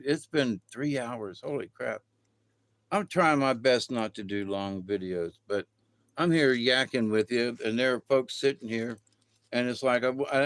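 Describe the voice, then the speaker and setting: A man's voice: medium pitch, no echo. A middle-aged man rambling casually in a folksy, colloquial way through a spiritual monologue. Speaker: vlogger.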